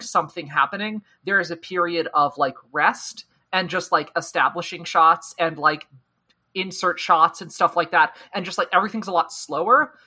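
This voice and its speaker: An American podcast co-host in a casual chat, talking quickly with lots of fillers and jokes. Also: mid-range voice, sharp tone, breathy edge. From United States. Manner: quick, filler-heavy, joking.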